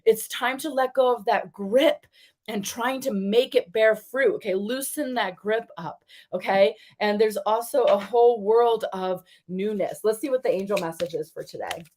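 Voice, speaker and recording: Chatty woman giving a spiritual card reading. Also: normal speed. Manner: chatty and encouraging, addresses viewers as you guys; animated, pitch jumps when retelling stories. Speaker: tarot reader.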